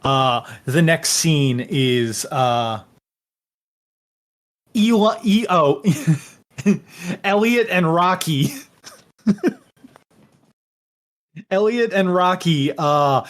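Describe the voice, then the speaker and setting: Male game master, slow and rambling, slightly high voice. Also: a bit bright. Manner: rambling, halting, full of fillers. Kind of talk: narrating a tabletop game.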